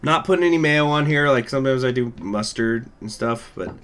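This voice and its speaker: A gaming channel host chats offhandedly and rambles to his live viewers, swearing as he goes. His voice is medium-pitched and fairly quick, with noise in the background.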